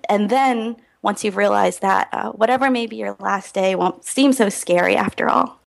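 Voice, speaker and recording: A woman's voice: mid-range voice, moderate pace, creaky. A woman guest on a podcast, an earnest and reflective storyteller who talks with many ums. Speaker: guest, health researcher. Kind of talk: podcast interview.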